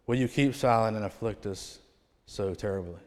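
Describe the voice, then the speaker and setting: A man preaching a revival sermon in a church, rising to loud proclamations and falling to near-quiet phrase endings. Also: fairly low pitch, normal speed. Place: church sanctuary. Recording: long hall reverb.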